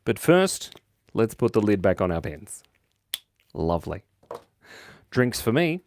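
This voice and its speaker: A man hosts a live drawing stream, chatting playfully, cracking jokes, and reading viewer comments aloud. His slightly mellow voice is on the low side, very animated, and slow, captured with studio quality and no echo.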